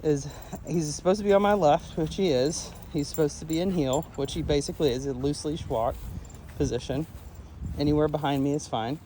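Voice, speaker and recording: A man working as a dog trainer, talking casually through a training walk outdoors on a trail and breaking into high sing-song praise for the dog. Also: a little fast, warm tone, a little hiss or hum. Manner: laid-back, chatty, laughs often. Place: outdoors on a wooded trail near a creek.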